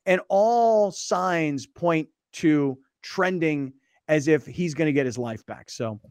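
A man hosting a casual sports talk show, telling stories in an animated way and laughing often. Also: a little high, slow pace, smooth, dry recording, clean studio sound. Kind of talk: casual sports radio chat.

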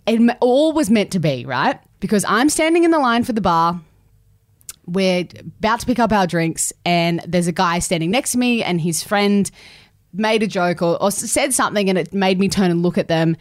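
A young Australian woman co-hosts a podcast in casual chat. She tells stories with lots of animation and quick laughs. Her voice sits close and dry on the mic. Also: on the low side, no room sound. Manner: animated storyteller, laughs often. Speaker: podcast co-host.

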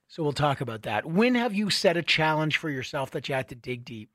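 A middle-aged man hosting a radio show, telling stories in a casual, animated way with many restarts. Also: on the high side, normal speed, few pauses, no room sound, studio quality. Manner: conversational, animated storytelling with restarts. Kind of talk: casual talk radio monologue.

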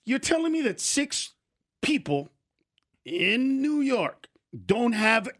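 A high, very lively voice from a man who grew up in East Los Angeles. He tells stories in an easy, chatty way, and his pitch leaps about as he slips into quick voices for the people he quotes. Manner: animated storytelling, drops into voices of people he quotes. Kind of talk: casual chat.

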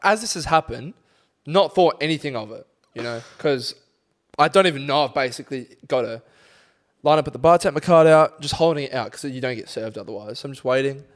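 A man's voice: mid-range voice, a little fast. A man co-hosting a podcast, telling a night-out story in casual chat, swearing freely and acting out quotes. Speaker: podcast co-host.

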